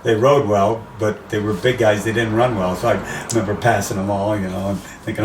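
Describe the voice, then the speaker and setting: An older American man, a race announcer, telling animated stories in a casual interview. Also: lowish voice, a little fast, far from the mic. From USA. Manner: animated anecdotes, acts out quoted voices. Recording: roomy, off-mic, faint background noise.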